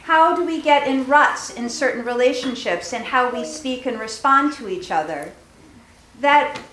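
High-voiced woman giving a children's sermon. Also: expressive, unhurried, slight background noise. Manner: asks questions, laughs easily, gentle teaching tone. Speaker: pastor giving a children's message. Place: large church sanctuary. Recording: echoey church hall.

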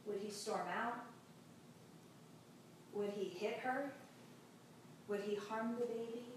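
A woman pastor giving a sermon, telling a story in a slow, measured way with long pauses. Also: a little high, fairly even intonation. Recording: very echoey hall, distant mic, faint noise.

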